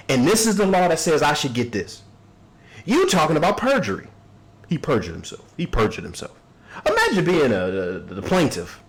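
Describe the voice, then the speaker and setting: A man comments on a courtroom clip, mocking it and acting out the people in it. His voice sits fairly high and swings widely, and his casual podcast delivery is animated. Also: poor audio. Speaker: podcast host reacting to a court video.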